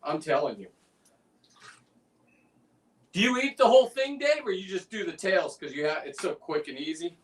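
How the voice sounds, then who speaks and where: Chatty guy, kinda high voice, sounds far off the mic, rambles while showing stuff. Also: expressive, moderate pace, pauses often. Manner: chatty, rambling, demonstrating as he works. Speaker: guest on a fishing livestream, lobster preparer. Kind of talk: casual chat while demonstrating. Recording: away from the mic.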